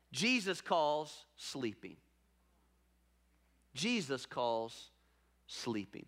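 A man's voice: on the high side, animated, moderate pace, sharp tone. A man preaching a sermon as pastor, telling a story with emphatic repetition.

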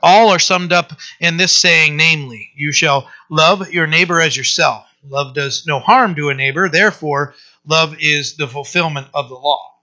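A male pastor preaching a conversational sermon, often pausing with fillers and restarting his sentences. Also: fairly high pitch, sharp tone, dull audio.

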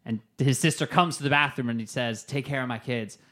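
A man's voice: medium pitch, fairly quick, fairly bright tone. Joking male podcast co-host. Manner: joking, rambling storyteller. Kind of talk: casual comedic podcast chat.

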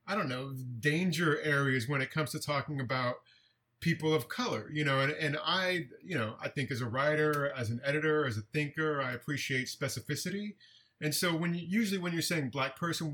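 A man's voice: on the high side, pushed and bright. A man from the San Francisco Bay Area, a writer and TV editor, talking thoughtfully as a guest on a remote podcast call, often restarting words. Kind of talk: casual interview conversation.

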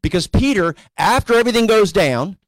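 A male pastor preaching a sermon in a conversational storytelling way, sometimes rising to animated emphasis. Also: high voice, fairly quick, no room sound. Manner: conversational storytelling preacher, voices characters casually.

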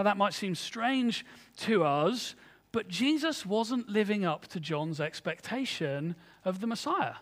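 Man, high voice, earnest conversational sermon, long hall reverb. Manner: conversational, earnest preaching with rhetorical questions. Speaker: preacher.

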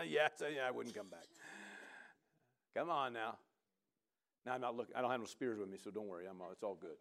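A man preaching a sermon in a lively, conversational way, often asking the congregation "right?" and urging them on. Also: mid-range voice, moderate pace, pauses often. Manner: animated, conversational preaching with frequent "come on" and "right?". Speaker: pastor.

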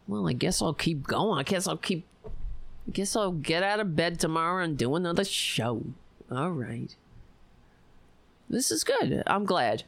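A woman's voice: on the low side, vocal fry. A woman hosting a live stream, giving casual political commentary with a lot of swearing and sarcasm. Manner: profane, animated, sarcastic.

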